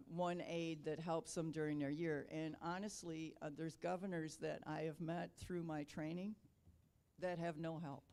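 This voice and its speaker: A middle-aged woman from Wisconsin giving a chatty, casual speech to a club, with lots of ums and light self-deprecating humor. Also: deep voice. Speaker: Rotary district governor.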